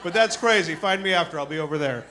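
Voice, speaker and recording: A man from Chicago performs a stand-up set on a club stage. His voice sits high for a man, and he tells his story casually, slipping into the voices of the people in it. He sounds like a comic in his thirties working a live room. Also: fast, pushed and bright, slight background noise. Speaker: stand-up comedian. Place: comedy club stage with audience.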